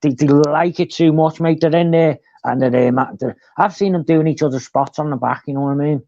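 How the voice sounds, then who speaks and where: Man, casual live-chat co-host, animated storyteller, dry lo-fi sound. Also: a little high, fairly quick, no room sound. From England.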